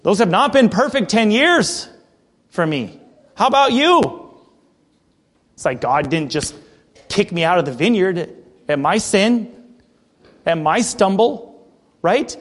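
High-voiced man preaching a sermon. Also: big pitch swings, slow, long pauses, fairly bright tone. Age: adult. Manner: conversational, reads scripture then explains with asides. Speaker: pastor. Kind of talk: expository sermon.

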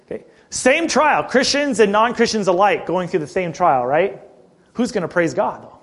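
A middle-aged man preaching a sermon in a conversational way, asking the congregation questions and often clearing his throat. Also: high-pitched, expressive, normal speed, fairly bright tone. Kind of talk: sermon with personal story.

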